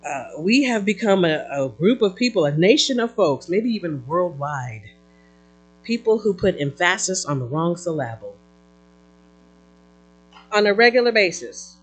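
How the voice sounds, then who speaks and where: An animated preacher delivers a sermon, the voice swooping up and down on key words. Phrases restart and repeat as the thought builds, with quick call-outs to the listeners. The pitch sits mid-range and moves a great deal. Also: rough recording. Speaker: pastor.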